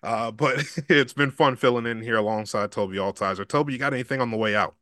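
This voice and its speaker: A man's voice: mid-range voice, fast, pushed and bright, smooth, no echo. A man filling in as host of a sports podcast, chatting casually and talkatively with frequent restarts, on a studio podcast mic. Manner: talkative, with many restarts and laughs.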